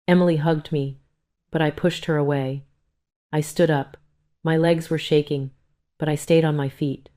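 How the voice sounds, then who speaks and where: A woman narrates a dramatic first-person family story. Her delivery is stern and cold, in a low voice. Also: fairly even intonation, normal speed, pauses often, warm tone.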